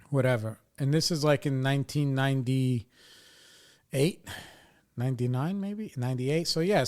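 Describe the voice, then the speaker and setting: A man's voice: mid-range voice, a little mellow, clear, resonant tone. A man in his forties from New York State, a podcast host telling a story in a rambling, profane way and tagging his lines with "right?" and "you know". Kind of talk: casual storytelling.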